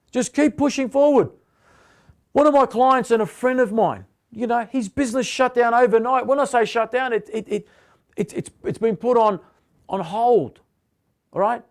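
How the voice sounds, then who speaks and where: A man's voice: high voice, a little mellow. A middle-aged man, giving blunt, punchy motivational talk to viewers and repeating short commands. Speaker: motivational host.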